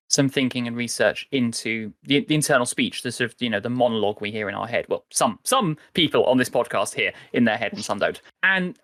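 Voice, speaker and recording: A man's voice: medium pitch, a bit bright, dry recording, clean studio sound. A man hosting a casual podcast chat, explaining ideas at length in a rambling way and laughing often. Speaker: podcast host and editor.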